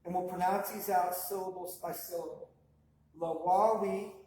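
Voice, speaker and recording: Man, high voice, patient syllable drills, echoey distant mic, faint hiss. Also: little pitch movement, mellow. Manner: slow, drawn-out pronunciation drills by syllable. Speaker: language teacher. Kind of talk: online language class.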